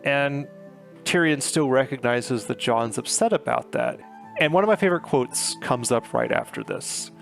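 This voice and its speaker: Gravelly-voiced male book reviewer, chatty and loose, with soft guitar bed. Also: mid-range voice, sing-song, normal speed. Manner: chatty, filler-heavy retelling with paraphrased quotes. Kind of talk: casual book recap.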